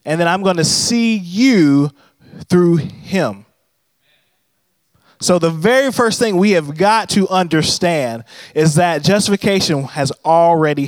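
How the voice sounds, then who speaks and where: A man's voice: fairly high pitch, no echo. A young man preaching a sermon in a conversational, humorous storytelling manner. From Texas. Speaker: pastor.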